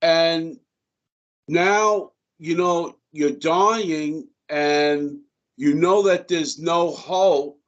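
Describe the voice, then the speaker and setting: A man's voice: a little high, extremely slow. A man commenting on a talk show, rambling and leaning heavily on "you know". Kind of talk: casual talk-show chat. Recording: dull lo-fi stream audio.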